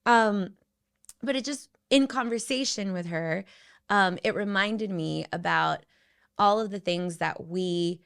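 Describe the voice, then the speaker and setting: A woman in her thirties co-hosting a casual podcast chat, telling animated stories with quick asides. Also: mid-range voice, vocal fry. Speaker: podcast co-host.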